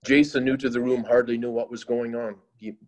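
A man narrating a moral story in a slow, solemn, often quiet way. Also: medium pitch, level tone.

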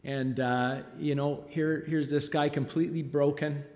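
A middle-aged father giving an emotional church testimony, halting and choked up, with frequent pauses and fillers. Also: a little high, steady tone, darkish tone. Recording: long reverb of a large hall.

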